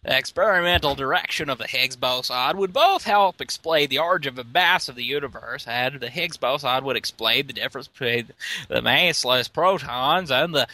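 A tipsy man putting on a nerdy man's voice to read a physics text out loud in an earnest, bookish way. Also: mid-range voice, moderate pace, lightly acted. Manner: earnest, textbook reading. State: tipsy from drinking.

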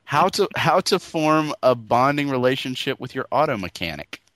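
A man hosting a podcast, talking with a lively, swinging pitch. He is sarcastic and loose, swearing freely and breaking into laughs as he riffs with his co-hosts. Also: normal speed, dry recording. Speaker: podcast host. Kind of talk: casual comedic chat.

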